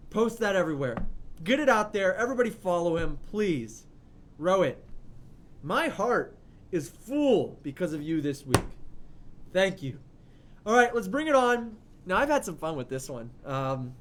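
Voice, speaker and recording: A man's voice: high voice, slight background noise. A young man in his twenties hosting a virtual open mic over a video call, gushing and giggling often. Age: 20s. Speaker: host. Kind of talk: casual show hosting.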